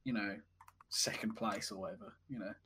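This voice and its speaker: Husky-voiced man rambling in chat. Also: fairly low pitch, fairly even intonation, moderate pace. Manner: rambling, repeats himself, gets loud when joking. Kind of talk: casual chat.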